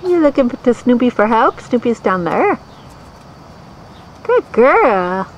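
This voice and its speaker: A woman's voice: on the high side, big pitch swings, takes it slowly, highs cut off, a little hiss or hum. A woman filming her pets outdoors on a handheld camera, coaxing them in sing-song baby talk. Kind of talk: home video, talking to pets. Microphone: handheld camera mic.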